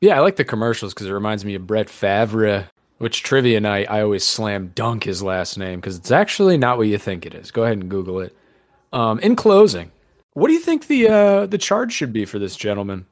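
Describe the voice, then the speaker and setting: A man's voice: fairly low pitch, very animated, fairly quick, dry recording, studio quality. A man hosting a podcast in casual chat, rambling and sarcastic, swearing casually. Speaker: podcast host.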